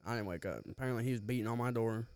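A man's voice: medium pitch, rapid-fire, a little mellow, smooth, dry recording. A young man casually telling a profane story on a podcast, laughing often, close to the mic. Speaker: podcast co-host.

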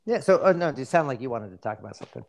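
A man's voice: mid-range voice, expressive, racing, creaky. Middle aged guy on a podcast, easygoing, tells funny stories and laughs along. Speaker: podcast co-host. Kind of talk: casual chat.

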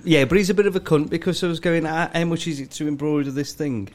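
A man's voice: fairly high pitch, fairly even intonation, quick pace, background noise. A man in his thirties, co-hosting a podcast, telling crude anecdotes with lots of swearing and grunting impressions. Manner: swears freely, acts out customers with grunts. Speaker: podcast co-host. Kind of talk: crude casual banter.

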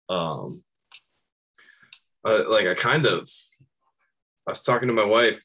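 A hoarse man in his thirties, co-hosting a podcast and rambling in casual chat with plenty of filler words. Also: animated, slow pace, pauses often, pushed and bright. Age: 30s. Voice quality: low, husky voice. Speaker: podcast co-host.

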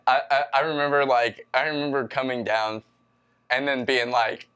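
A man co-hosting a casual podcast with his friend, talking in halting, filler-heavy bursts and laughing often. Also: mid-range voice, steady tone, a bit bright, clean tone. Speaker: podcast co-host. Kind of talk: casual chat between friends.

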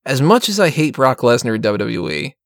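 A man's voice: mid-range voice, very animated, brisk, no room sound. Man, casual podcast chat, swears a lot, laughs often, dry close sound. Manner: profane, laughing often, rambling.

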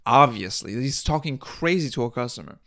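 A man's voice: mid-range voice, expressive, a little fast, fairly bright tone, no echo. Profane man telling stories, dry sound. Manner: profane, laughing often. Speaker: podcast host. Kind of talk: casual storytelling.

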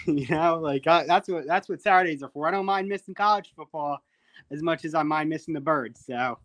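A man guesting on a sports chat show tells stories with excitement. His voice is fairly high and bright, with a sharp edge, recorded dry. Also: normal speed, no echo. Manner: excited, storytelling.

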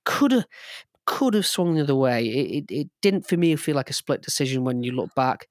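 A man co-hosting a casual sports podcast, excitable and rambling, full of ums and restarts. His voice sits at an ordinary mid pitch, recorded close and dry with no room sound. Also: brisk, no room sound. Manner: enthusiastic, rambling with many fillers and restarts. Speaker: podcast co-host.

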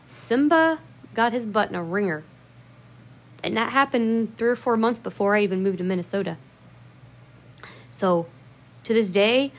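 A woman's voice: medium pitch, fairly bright tone. A woman telling a personal story in a casual, rambling way, swearing often and stressing her words for emphasis.

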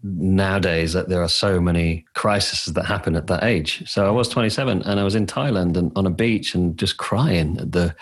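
Low husky-voiced man. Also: normal speed, hardly any pauses. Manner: candid, emotional, self-deprecating. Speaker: coach. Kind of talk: reflective conversational storytelling.

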